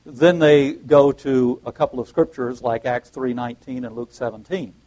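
A man preaching a sermon at a middle pitch, working through scripture passage by passage. He rises in pitch and volume on the quoted verses, then drops back into a plainer teaching tone, often restarting his phrases. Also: fairly even intonation, normal speed, mellow, poor audio. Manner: reads scripture aloud with emphatic rises, frequent restarts.

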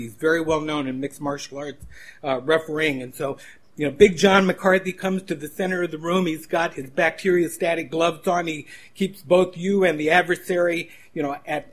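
A man preaching a sermon in a conversational storytelling manner, with frequent restarts. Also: on the high side.

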